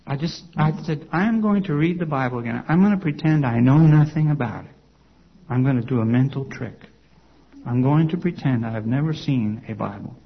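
A man's voice: medium pitch, gravelly, highs cut off, slight background noise. A man, a former congregation elder, telling his personal testimony to an audience in a conversational storytelling way, full of "you know" and "okay?" asides.

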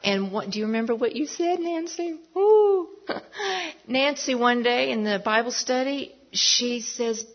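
A woman's voice: fairly high pitch, normal speed, hardly any pauses. A woman giving a personal testimony at church, telling her story emphatically and sometimes dropping to a whisper. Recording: dull lo-fi recording.

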